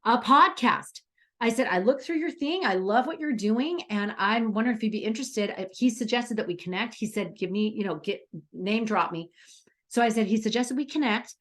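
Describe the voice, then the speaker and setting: A woman's voice: on the high side, normal speed, a bit bright. Bubbly, chatty woman speaking coach. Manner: bubbly, enthusiastic, chatty storytelling. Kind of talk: coaching lesson.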